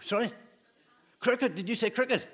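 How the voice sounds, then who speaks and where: A man's voice: very high voice, unhurried, fairly bright tone. A man, a pastor giving a playful children's talk in a church service, asking the children questions. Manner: playful, asks children questions, laughs often.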